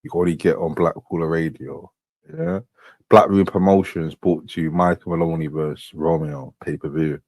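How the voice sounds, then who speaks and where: A man with a very low voice talks over replayed clips in an unhurried, drawling way, with loose slang. The sound is close and dry. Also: steady tone, a little mellow, dry recording. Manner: slow, drawling recap with casual slang. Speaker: host.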